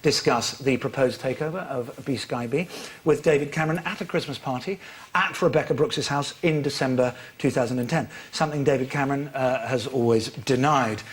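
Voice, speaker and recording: A man's voice: medium pitch, a little fast. A man hosting a comic panel show, delivering scripted jokes in a dry, wry way in a TV studio. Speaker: host. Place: TV studio with live audience.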